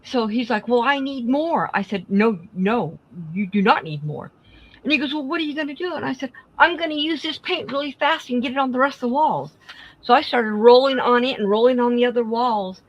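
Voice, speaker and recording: A woman's voice: fairly high pitch, moderate pace, lo-fi sound. Chatty woman telling family stories. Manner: chatty, retells family stories by acting out the dialogue. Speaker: craft live-stream host. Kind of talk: casual storytelling chat.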